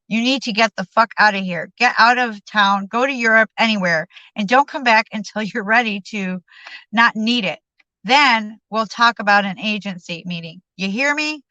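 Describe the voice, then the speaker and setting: A woman voicing a brash, blunt man friend who talks loud and bossy. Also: on the high side, moderate pace, no room sound. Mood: scolding. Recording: dull lo-fi sound.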